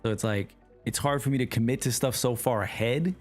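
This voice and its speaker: A man with a New York accent streams a game and chats loosely with his viewers, relaxed and slangy. His voice sits at an everyday middle pitch. Faint game music runs underneath. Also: a little fast. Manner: relaxed, slangy, talks to chat. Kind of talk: casual livestream chat while gaming.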